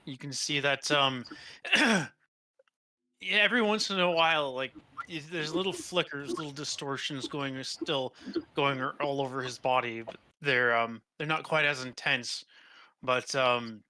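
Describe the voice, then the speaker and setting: A man narrates a tabletop game as game master, his voice very bright and sharp at a middle pitch. He talks haltingly, trailing into fillers and restarting his sentences as he describes the scene.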